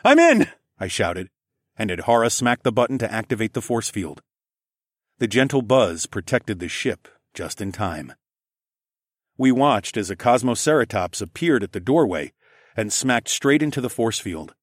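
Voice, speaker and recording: A man narrating a first-person adventure story in a steady, matter-of-fact reading. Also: fairly low pitch, moderate pace, no echo, studio quality.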